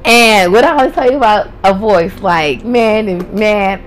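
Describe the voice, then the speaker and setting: A woman's voice: on the high side, big pitch swings, slow, a little hiss or hum, low-quality recording. A young woman tells her own story on a podcast in a loose, conversational way. She is blunt and profane and breaks into laughter often. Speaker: podcast host. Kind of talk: casual storytelling.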